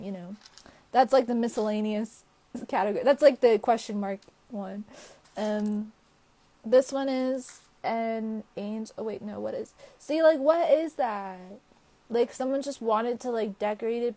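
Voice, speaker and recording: A woman's voice: a little high, warm tone, no room sound. Rambling young woman on a livestream. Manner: rambling, filler-heavy, laughs often. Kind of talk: casual livestream chat. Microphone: phone or webcam livestream.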